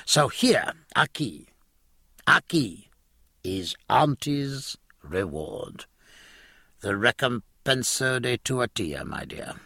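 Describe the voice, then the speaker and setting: A man's voice: mid-range voice, sing-song, takes it slowly, gravelly, pushed and bright, husky, dry recording, clean studio sound, full character voice. A man reading an audiobook, voicing a hearty, gallant naval captain who breezily mixes foreign words into his talk. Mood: teasing.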